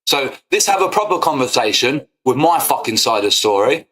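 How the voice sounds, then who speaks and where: A man's voice: mid-range voice, sing-song, a little fast, fairly bright tone. A man ranting to camera on his football fan channel, confrontational and full of swearing. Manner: confrontational, swearing, repetitive "yeah?". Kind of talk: angry rant to camera.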